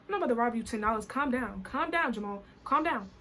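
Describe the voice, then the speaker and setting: A woman from New Jersey telling a story time vlog in an animated, colloquial way, full of "I was like". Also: fairly high pitch, fast talker, slight background noise. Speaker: vlogger.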